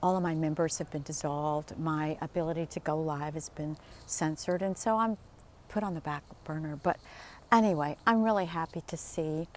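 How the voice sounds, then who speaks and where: A woman's voice: sits low, steady tone, moderate pace, slight background noise. A woman in her sixties chatting casually to a phone camera while walking outdoors in the desert, telling stories in a rambling way and acting out the people she quotes. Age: 60s. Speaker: vlogger.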